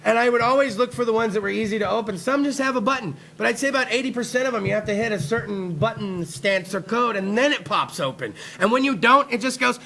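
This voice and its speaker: A man hosting a live internet talk show, telling a profane, rambling, excitable comedic rant. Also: high-pitched, fast, creaky, hardly any pauses, a little hiss or hum.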